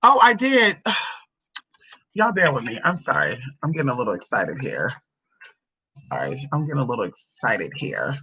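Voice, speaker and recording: Woman, sassy vlogger, husky voice, bright tone, profane and chatty. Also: extremely low pitch, big pitch swings, moderate pace, rough recording. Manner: sassy, profane, chatty, drawls "honey" and "girl". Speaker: spiritual reader answering a viewer's question. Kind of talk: casual vlog with scripture reading.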